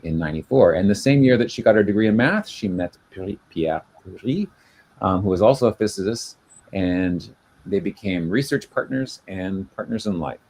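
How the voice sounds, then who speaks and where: This is a genealogy show co-host, a man with a deep, slightly mellow voice. He's on a casual video-call chat, explaining at length with plenty of fillers and restarts.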